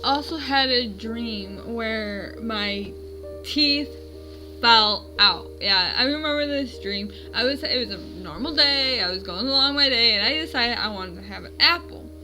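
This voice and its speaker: Bright-voiced young woman vlogger. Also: on the high side, lively intonation, unhurried, faint music behind, low-quality recording. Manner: rambling, self-correcting retelling of dreams. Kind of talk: casual storytelling vlog. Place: at home.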